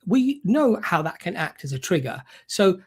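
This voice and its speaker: A man's voice: sits high, very animated, moderate pace, a little mellow, slightly rough. A man speaking on an online panel discussion, arguing his point and mocking the other side. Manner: argumentative, mocking impressions.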